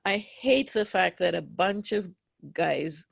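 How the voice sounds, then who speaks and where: A woman leading a guided tapping session, speaking slowly and emphatically as she voices raw anger and fear. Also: fairly low pitch, animated, gravelly, husky, no echo. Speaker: tapping practitioner.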